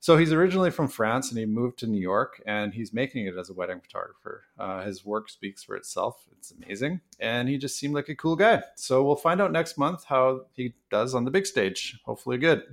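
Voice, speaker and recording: A man reads a short introduction to a podcast episode. His pitch sits in the middle range and his delivery is upbeat and to the point. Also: a little fast, few pauses. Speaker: podcast host. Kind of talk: scripted intro.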